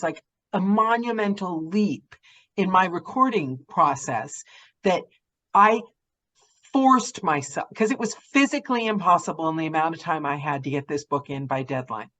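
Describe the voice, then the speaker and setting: A woman's voice: deep voice, fairly bright tone. Female host, casual video-call chat, emphatic storyteller. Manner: emphatic, storytelling, acts out her own panicked quotes.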